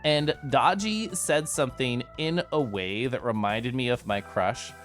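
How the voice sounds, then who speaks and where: A man's voice: medium pitch, unhurried, fairly bright tone, faint music behind. A man chatting casually to his livestream viewers, giggly and bubbly, with lots of asides. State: tipsy from whiskey earlier. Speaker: streamer recapping VR chat meetups.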